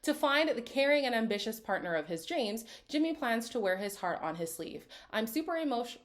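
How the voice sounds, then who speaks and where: Lively, sassy woman doing reality TV recaps. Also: a little high, a little fast. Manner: chatty with sassy asides. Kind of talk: casual reaction commentary reading cast bios.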